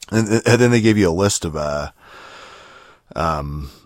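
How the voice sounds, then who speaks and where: A man's voice: low voice, lively intonation, takes it slowly, dry recording, studio quality. A young man streamer in a casual, rambling rant about a video game, frustrated and swearing a lot, with many fillers and restarts.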